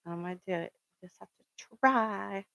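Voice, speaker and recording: A woman's voice: mid-range voice, normal speed, gravelly, fairly bright tone, dry recording, poor audio. A middle-aged woman, host of a spiritual reading channel, in a casual, rambling motivational talk. She fills her story with ums and earnest pep talk, and swears now and then for emphasis. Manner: rambling and storytelling, with many fillers.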